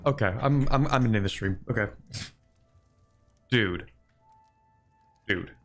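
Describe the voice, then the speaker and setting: A man streaming a strategy game live, talking to chat and bargaining aloud with computer opponents in an animated, joking way. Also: lowish voice, slow pace. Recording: faint music behind.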